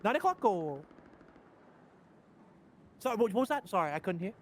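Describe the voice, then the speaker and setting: A man doing an impression of a confused young woman streamer in a put-on English accent, halting and apologizing again and again. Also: high-pitched, sing-song, slight background noise. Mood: flustered. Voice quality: halting, repeats sorry.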